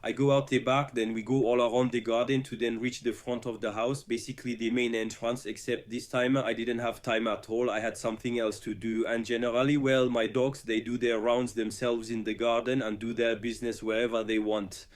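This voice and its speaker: A man's voice: medium pitch, level tone, fairly quick, hardly any pauses. Hesitant man giving a video statement. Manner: hesitant, many uhs and restarts. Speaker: content creator.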